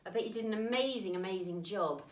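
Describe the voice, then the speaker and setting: A woman's voice: mid-range voice, fast, noisy background. A woman teaching a creative dance lesson for young children, talking straight to them in an encouraging way. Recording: echoey room, mic at a distance.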